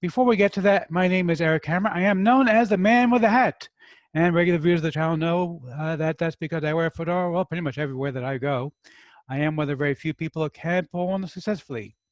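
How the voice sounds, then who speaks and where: Speaking fast in a fairly high voice, this product review host from New York keeps things casual and playful with his viewers, showing no regional accent. The audio is muffled, with no room sound at all.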